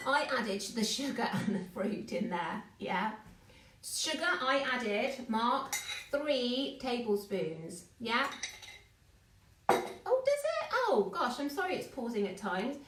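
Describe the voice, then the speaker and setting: A woman's voice: fairly high pitch, big pitch swings, takes it slowly, a bit bright. Chatty woman teaching a bake-along. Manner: chatty, greets viewers by name. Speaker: baking teacher. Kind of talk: live online bake-along class. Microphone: phone. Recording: echoey room, distant mic.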